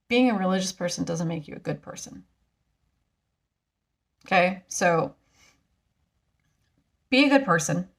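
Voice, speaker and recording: A woman vlogger talking frankly and casually to camera, rambling and animated as she tells a personal story. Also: mid-range voice. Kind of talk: casual personal vlog talk.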